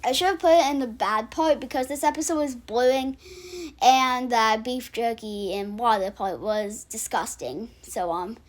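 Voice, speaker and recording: A woman's voice: on the high side, normal speed. A woman hosting her own channel, casually ranking cartoon episodes in a rambling way with many restarts and filler words. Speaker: channel host.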